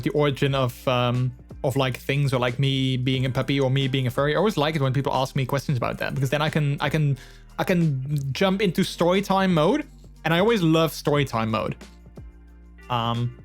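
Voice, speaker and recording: A young man streaming live and chatting with his viewers. His voice sits slightly high, and his talk rambles playfully with frequent laughter and fillers. Faint music plays in the background. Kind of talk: casual chat with stream viewers.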